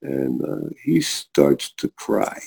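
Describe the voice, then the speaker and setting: Middle-aged male guest with a gravelly, warm, husky voice, earnest storyteller who acts out the people he quotes. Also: very deep voice, very animated, slow. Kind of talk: telling a personal faith story.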